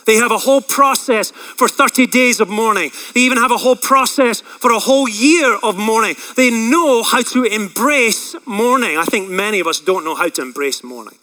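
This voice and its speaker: Male pastor, sermon delivery, high ringing voice, emotional swings from shouting to hush. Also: lively intonation, moderate pace, hardly any pauses, rough recording. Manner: rises to loud impassioned cries on quoted prayers, drops low and quiet when reflecting; frequent fillers and restarts.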